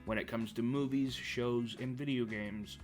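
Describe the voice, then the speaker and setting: A man's voice: medium pitch, fairly even intonation, measured pace. A man in a mid-range voice chats casually to camera, rambling and tripping over his words with stammered restarts. Faint music runs underneath. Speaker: movie vlogger. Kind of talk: casual chat.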